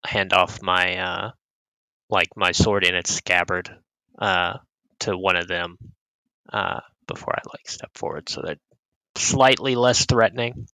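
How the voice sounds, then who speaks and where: Gravelly-voiced man playing his character. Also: deep voice, a little slow, bright, forceful tone, dry recording, rough recording. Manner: hesitant, polite, many fillers. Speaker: player. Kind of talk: in-character tabletop play.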